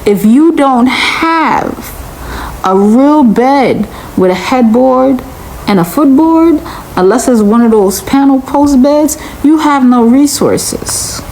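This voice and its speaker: A woman delivers a reaction commentary at an unhurried, deliberate pace. She sounds incredulous and lectures steadily, repeating her point over and over. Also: high-pitched, animated, darkish tone, a little hiss or hum, rough recording.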